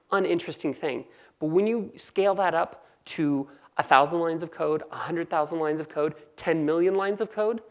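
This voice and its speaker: Californian woman, low gravelly voice, fast joking conference presenter. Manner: quick, joking, conversational. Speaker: conference speaker. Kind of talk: technical conference talk.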